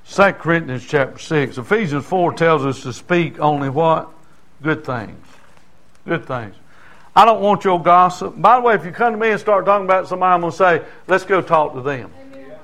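An older man preaches to his congregation in a folksy, talking style, dropping in call-and-response asides. His voice sits a bit high for a man. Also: lively intonation, fairly quick, fairly bright tone. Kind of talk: sermon.

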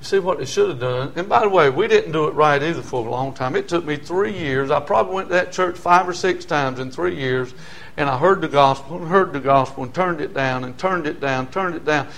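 An older man, a pastor preaching a sermon in a folksy way, with loud shouted passages and quiet asides. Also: a little high, fairly quick.

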